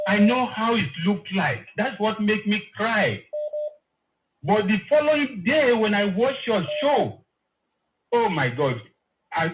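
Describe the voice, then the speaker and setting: A man calling in to a live show, earnest and effusive, repeating himself. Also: high voice. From Nigeria. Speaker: caller. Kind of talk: phone call to a live show. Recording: tinny phone line.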